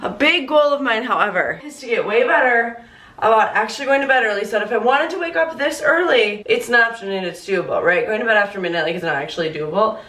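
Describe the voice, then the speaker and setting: A woman's voice: a little high, expressive, quick pace, fairly bright tone, reverberant. A young woman vlogging her morning in casual chat, laughing often and filling her talk with "like" and "you know". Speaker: lifestyle vlogger. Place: home with a workout space, indoors.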